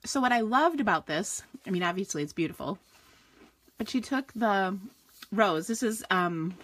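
A woman's voice: mid-range voice, animated, normal speed, a bit bright. A woman hosting a live card-making stream, talking casually and rambling with frequent laughs. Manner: chatty, rambling, laughs often. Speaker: stamping and card-making host.

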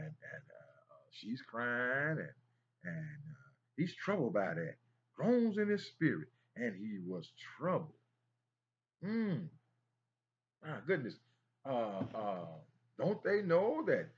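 A man's voice: high-pitched, husky, muffled recording. A man teaching a Bible study in an emphatic preaching style, repeating phrases and exclaiming as he goes.

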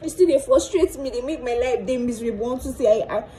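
A woman's voice: a little high, quick pace, dark tone, a little hiss or hum, rough recording. Tearful young Nigerian woman. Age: young adult. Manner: mixing Pidgin and Yoruba, repeating herself, pleading questions. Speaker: vlogger. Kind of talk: emotional monologue to camera.

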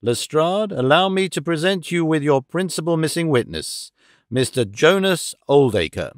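A man voicing a calm, clever detective with an amused, theatrical manner, in an audiobook reading. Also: a little high, unhurried, no room sound, clean studio sound.

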